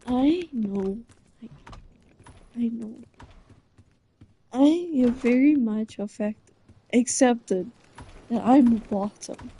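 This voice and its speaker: A woman's voice: on the high side, slow, long pauses, warm tone, husky. A young woman chatting casually, flustered and embarrassed, rambling and restarting her sentences. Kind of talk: casual chat.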